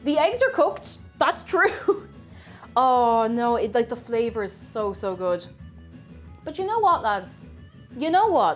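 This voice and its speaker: Woman streamer, high lively voice swinging up and down, bubbly chat, soft music behind. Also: moderate pace. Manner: excitable, thanks viewers in high bursts. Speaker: livestream host. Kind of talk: casual livestream chat.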